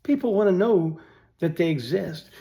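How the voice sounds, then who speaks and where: Older guy, kinda high voice, chatty and rambling, tells a story then gets preachy about lifting folks up. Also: lively intonation, moderate pace, vocal fry, dark tone. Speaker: vlogger telling a story. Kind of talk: casual storytelling with faith reflection.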